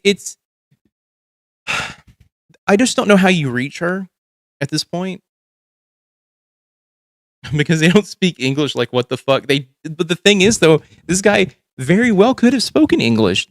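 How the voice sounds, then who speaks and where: A man hosts a livestream from home, ranting through casual, profane commentary while tired and overcaffeinated. His mid-range voice is clean, studio-like and free of echo, and his delivery is rambling and exasperated.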